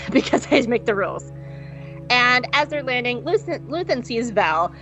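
This co-host has a fairly high, somewhat bright voice with lively intonation and a measured pace. She rambles, jokes and swears frequently through a casual podcast recap, recorded in dull lo-fi sound with faint music.

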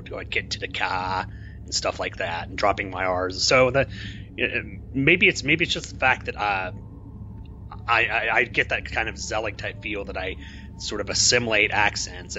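A man's voice: lowish voice, pushed and bright. A man from Kansas raised in Oklahoma, co-hosting a podcast in rambling casual chat. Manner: rambling, self-correcting. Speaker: podcast co-host. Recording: dull lo-fi audio with faint hiss.

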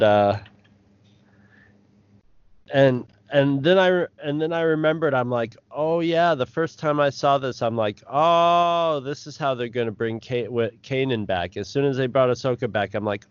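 Halting, thoughtful man co-host. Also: mid-range voice, no room sound, highs cut off. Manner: halting, thoughtful, many restarts. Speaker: podcast co-host. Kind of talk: casual recap chat.

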